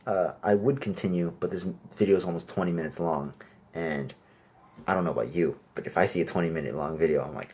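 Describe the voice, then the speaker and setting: A young man performing a crude stand-up comedy set, brash, and loudly acting out little exchanges. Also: low-pitched, a little fast, husky. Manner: crude, brash, acts out exchanges in raised voices.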